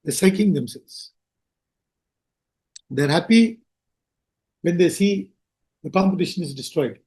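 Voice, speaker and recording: Slow, high-pitched male teacher. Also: lively intonation, darkish tone. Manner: slow, explanatory, rhetorical asides. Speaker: spiritual teacher. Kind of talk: scripture discourse.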